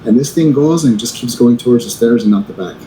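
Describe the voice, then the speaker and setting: A man's voice: medium pitch, animated, warm tone. A man co-hosting a podcast, chatting casually with a lot of restarts and fillers. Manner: halting, many restarts and fillers. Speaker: podcast co-host. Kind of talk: casual chat. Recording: echoey room with faint noise.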